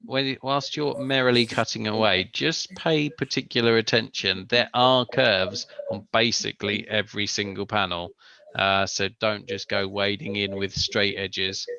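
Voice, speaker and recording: Gravelly bright-voiced male stream host. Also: on the low side, steady tone, measured pace, lo-fi sound. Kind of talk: casual live-stream chat.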